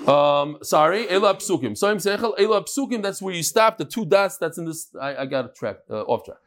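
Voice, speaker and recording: A man's voice: high voice, animated, fairly quick. A man teaching a casual study-group class, chanting lines and then explaining them with restarts and joking asides. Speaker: Talmud teacher.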